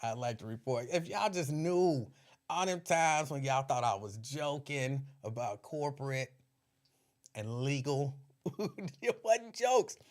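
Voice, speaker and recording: Taking it slowly in a slightly high voice, this man hosts his own podcast as a casual livestream chat. He draws on his past as a radio host, laughing a lot and telling animated stories in a Cincinnati-area accent.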